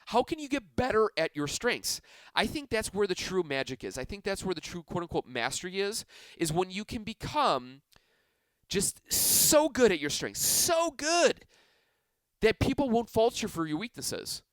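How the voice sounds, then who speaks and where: A man's voice: high voice, normal speed, dry recording. A man hosting a self-help podcast, talking energetically and casually, stretching key phrases for emphasis. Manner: energetic, enthusiastic, conversational. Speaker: podcast host.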